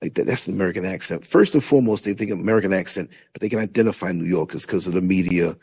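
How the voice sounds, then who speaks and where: New York man, podcast host, raspy gravelly voice, chatty and rambling. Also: sits low, racing. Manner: animated, loose and chatty, many restarts. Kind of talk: casual conversation.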